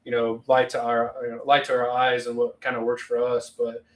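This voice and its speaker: A man's voice: medium pitch, completely flat delivery, a little fast. Easygoing man, distant mic. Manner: easygoing, affirming, many fillers. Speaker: podcast co-host. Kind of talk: casual livestream chat.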